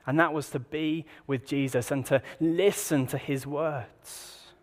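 A man preaching in a relaxed, conversational way, fairly high in pitch, often turning to the congregation with rhetorical questions. His voice carries a long reverb, as in a large church hall. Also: unhurried. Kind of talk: sermon.

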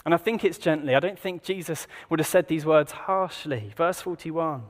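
Conversational preacher with fairly high voice. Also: male voice, moderate pace, big-room sound. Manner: conversational, full of rhetorical questions. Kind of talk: sermon.

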